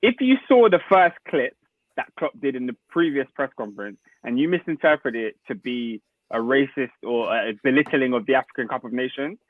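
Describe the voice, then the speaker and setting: A man's voice: medium pitch, lively intonation, fairly quick, no room sound, phone-quality sound. A man co-hosting a football podcast, talking in slang and steering the chat back to the topic. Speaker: podcast co-host.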